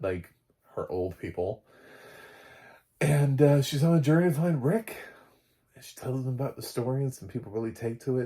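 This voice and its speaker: A man's voice: on the low side, mellow. A man casually recapping a TV episode, rambling with lots of fillers and frequent laughter. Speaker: TV show reviewer.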